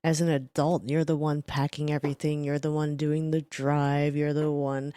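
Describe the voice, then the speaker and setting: A podcast co-host in their thirties with a mid-range voice, chatting casually in a wry, relaxed way. The voice is dry and close to the mic, with no room echo. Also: medium pitch, normal speed, clean tone.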